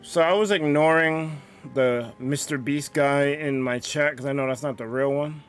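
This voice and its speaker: A man's voice: on the high side, normal speed, soft background music. A man streaming a game, chatting casually with many fillers and restarts. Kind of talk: casual gaming stream chat.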